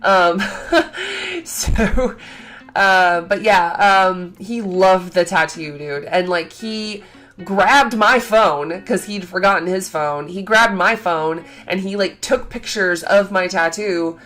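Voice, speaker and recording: A young woman vlogging in casual chat, gushing and excitable, full of "like" fillers. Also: medium pitch, slow pace.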